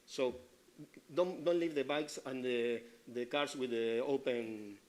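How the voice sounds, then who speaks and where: A man giving public comment at a city meeting, halting and repeating himself while pressing his complaints. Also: medium pitch, a little mellow.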